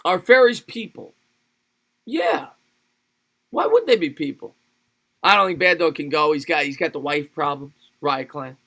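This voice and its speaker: Male stream host, excitable play-by-play, forceful bright tone, loose chatter between plays. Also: a little high, a little slow, gravelly, long pauses. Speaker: livestream sports host. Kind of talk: live play-by-play and chat with viewers.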